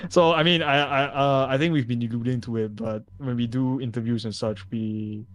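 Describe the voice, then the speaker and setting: A man's voice: mid-range voice, fairly even intonation, moderate pace, no room sound. A man talking as a guest in a casual podcast chat, rambling with lots of restarts and filler. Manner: rambling, with many restarts and laughs. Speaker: guest, VTuber agency manager.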